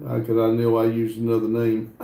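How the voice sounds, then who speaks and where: Guy reading his stream chat out loud, slow n halting, dark mellow voice, roomy echo. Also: medium pitch, monotone, a little hiss or hum. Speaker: livestream host reading chat aloud. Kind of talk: casual livestream chat.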